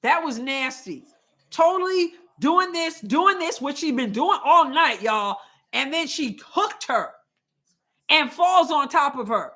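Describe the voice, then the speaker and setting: Slow and sharp in tone, this woman's high voice carries lively intonation as she hosts a live watch party. Her reactive commentary on the basketball game is emotional and exclamatory, and she grows indignant about the calls.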